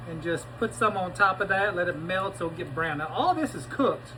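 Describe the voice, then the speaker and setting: A man's voice: sits high, expressive, moderate pace, noisy background. A man hosting a casual cooking demonstration in his kitchen, chatty and folksy, talking to viewers as he tastes the food. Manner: chatty and folksy, talks to viewers while tasting. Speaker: cooking show host.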